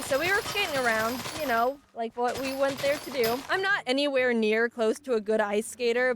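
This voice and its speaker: Brief: woman with a higher voice, deadpan storyteller over gameplay, noisy background. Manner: deadpan, sarcastic asides.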